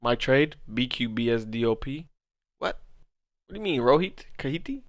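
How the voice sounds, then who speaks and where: A man's voice: medium pitch, lively intonation, moderate pace, dry recording. A man in his twenties hosting a trading livestream, reading chat and bantering casually, laughing hard and swearing a lot. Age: 20s. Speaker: forex livestream host.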